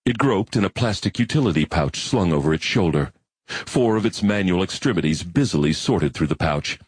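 A man narrating a science-fiction audiobook in an expressive storytelling manner. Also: low-pitched, normal speed, slightly rough, dry recording. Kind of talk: scripted narration.

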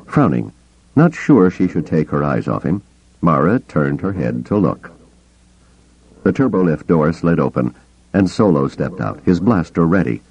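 Low-voiced guy reading an audiobook, dramatic, voice swoops up and down, bit muffled. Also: darkish tone. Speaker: audiobook narrator. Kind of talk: scripted audiobook narration.

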